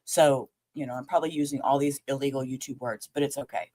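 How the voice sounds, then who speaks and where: A woman's voice: very deep voice, fairly even intonation, quick pace, mellow. A woman hosting a late-night livestream, rambling and chatting straight to her viewers as she reviews a trial, swearing casually.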